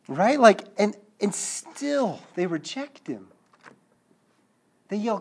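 A man preaching with lively energy, slipping into little acted voices and checking in with the room. He sinks to a low, hushed tone when the message turns heavy. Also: a little slow. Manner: animated, acts out quotes, checks in with listeners. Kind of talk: sermon.

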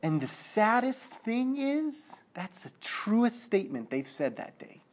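A man preaches a sermon slowly yet animatedly, acting out quotes and checking in with his listeners. At the sad points his voice drops low and quiet.

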